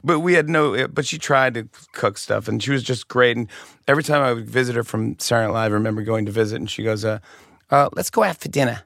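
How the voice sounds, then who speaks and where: A man telling funny family stories in a casual chat, animated and quick to act out voices. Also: medium pitch, gravelly, dry recording, clean studio sound. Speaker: comedian guest.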